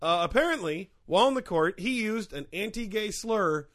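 A man with a high, bright voice and a lively, bouncing pitch rambles through casual podcast banter. He hedges constantly and scatters fillers through his points. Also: moderate pace. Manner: rambling, hedging, full of fillers and asides. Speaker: podcast co-host. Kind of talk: casual comedic podcast chat.

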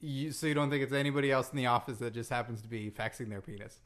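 A man's voice: medium pitch, level tone, fast talker, fairly bright tone. Exasperated male comedy podcast host. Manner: exasperated straight man, laughing often.

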